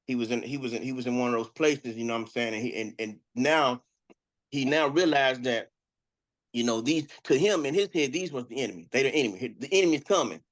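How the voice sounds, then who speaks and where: A man's voice: medium pitch, fairly quick. A man improvising a story in a rambling way, often asking if the listener follows. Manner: rambling, keeps adding "you know what I'm saying".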